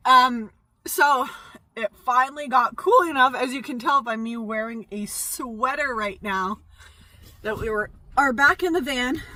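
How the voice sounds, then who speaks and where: A young woman with a fairly high, bright, forceful voice chats candidly to a tripod-mounted camera about life in her camper van. It's a casual vlog filmed in and around the parked van, full of fillers and asides.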